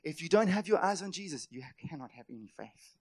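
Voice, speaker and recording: High-voiced impassioned pastor. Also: male voice, big pitch swings, fairly quick. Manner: impassioned, swings between loud emphatic lines and quiet asides; acts out voices of worried people. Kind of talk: sermon.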